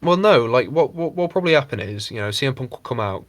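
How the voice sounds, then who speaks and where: A man co-hosts a casual podcast in a somewhat low voice. He rambles, swears freely and slips into mocking impressions. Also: quick pace, hardly any pauses, fairly bright tone. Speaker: podcast co-host. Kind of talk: casual chat.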